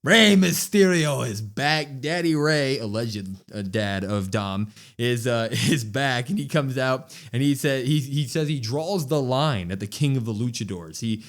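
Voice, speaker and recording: A man co-hosting a podcast, chatting casually and recapping matches in an animated way. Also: medium pitch, a little slow, few pauses. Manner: animated recapping, acts out quotes. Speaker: podcast co-host. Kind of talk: casual wrestling review chat.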